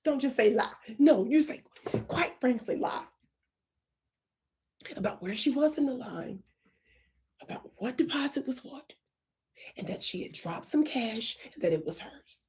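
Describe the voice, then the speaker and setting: Sex: woman. Role: channel host. Style: comedic livestream coaching. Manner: animated, playful, swings into whispers. Pitch: fairly high. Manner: animated and playful, with sudden whispers and drawn-out words.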